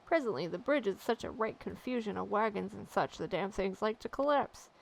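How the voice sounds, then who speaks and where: A woman voicing a gruff, salty game bridge guard who grumbles in old sailor dialect. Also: mid-range voice, animated, fairly quick, rough recording. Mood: grumbling.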